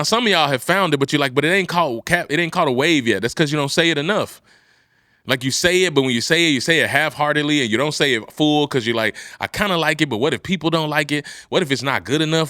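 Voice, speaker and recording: Fired-up motivational man, bright and intense. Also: no echo, studio quality. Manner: preachy, swings from low and quiet to loud and high. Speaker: podcast host. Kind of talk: motivational podcast talk.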